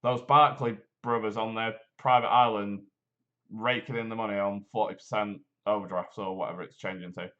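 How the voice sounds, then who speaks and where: A man's voice: on the low side, a little fast, fairly bright tone, dull audio. A man hosting a local live stream, reading a promotion and rambling in a jokey, self-deprecating way. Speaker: host of a local live show. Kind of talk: casual live-stream chat with read promotion.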